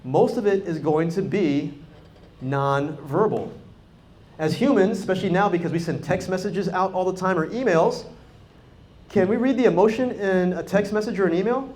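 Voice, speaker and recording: A lively man delivers a talk at a conference, with a voice pitched noticeably high. He jumps into acted-out dialogue, raising his voice for quoted lines, and keeps the audience involved with questions. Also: moderate pace. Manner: energetic, animated, acts out quoted dialogue, talks directly to the crowd. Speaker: conference speaker. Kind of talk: live motivational talk to an audience. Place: conference hall.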